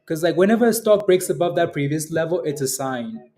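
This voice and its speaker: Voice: medium pitch, expressive, brisk, dark tone, soft background music. A day-trading livestream host giving live market commentary, cheering a rising stock with repeated exclamations and often laughing while answering viewers' chat.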